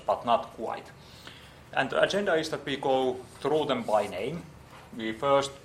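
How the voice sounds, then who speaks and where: A man's voice: mid-range voice, slight background noise. A man lecturing on programming, typing as he explains and thinking aloud with many fillers and restarts.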